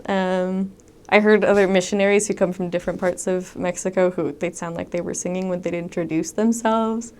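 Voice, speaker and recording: A young woman recounts her missionary experiences in a relaxed, conversational way. Her voice sits a little low, and she peppers her talk with ums and lively quoted asides. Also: brisk, slight background noise. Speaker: returned missionary. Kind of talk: casual storytelling monologue.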